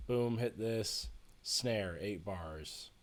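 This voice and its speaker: A fairly low-voiced man talks through a software tutorial in a chatty, upbeat way, correcting himself as he goes. He records into a USB desk microphone. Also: very slow, very noisy. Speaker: music production teacher. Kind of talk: screen-recorded tutorial walkthrough.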